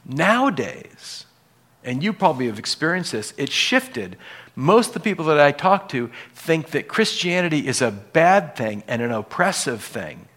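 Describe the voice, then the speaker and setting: A man as pastor giving a casual sermon, animated, acting out scripture dialogue in everyday voices. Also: a little high, moderate pace.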